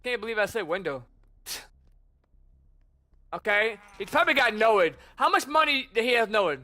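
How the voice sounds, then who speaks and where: Here a gamer streamer speaks at a normal speed in a high-sitting, very animated voice that sounds bright and forceful. His gameplay commentary is casual and chatty, and he keeps throwing teasing jabs at the players he encounters.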